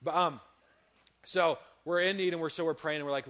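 A man's voice: a little high, fairly even intonation, a little fast, fairly bright tone. A young man, a youth pastor, telling a story in an earnest, conversational sermon with many fillers and restarts. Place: church hall.

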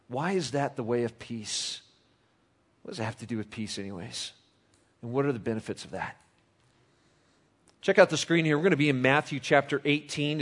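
A middle-aged man preaching a sermon to his congregation, conversational and teasing his listeners as he reads and explains scripture. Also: mid-range voice. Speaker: pastor.

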